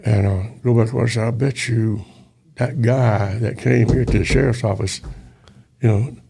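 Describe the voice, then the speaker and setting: A man's voice: mid-range voice, steady tone, normal speed, warm tone. An older man, a former police officer telling a story in a casual interview, acting out the dialogue. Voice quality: gravelly. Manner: folksy, acts out dialogue in quoted voices.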